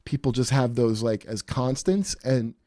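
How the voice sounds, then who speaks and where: Rambling, animated male podcast host. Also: mid-range voice, measured pace, no room sound, clean studio sound. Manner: rambling, animated, many fillers and restarts. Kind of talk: casual chat.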